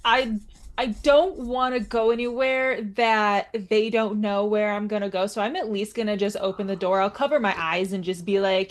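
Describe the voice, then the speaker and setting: A woman playing in a casual tabletop game, speaking softly and a little hesitantly. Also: mid-range voice, fairly even intonation, moderate pace. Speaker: player.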